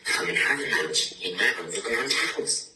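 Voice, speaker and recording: A sly, polite storybook fox with a low, coaxing voice, as a man puts him on. He takes his time over every word. The sound is far off in an echoey room with noise behind. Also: animated, a little slow. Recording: echoey room, distant mic, noisy.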